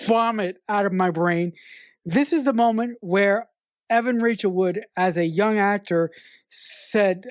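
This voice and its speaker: A woman's voice: mid-range voice, no echo, studio quality. A woman co-hosting a podcast, chatting casually about a film, emphatic and swearing as she speaks frankly about her own life. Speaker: podcast co-host. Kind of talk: casual film review chat.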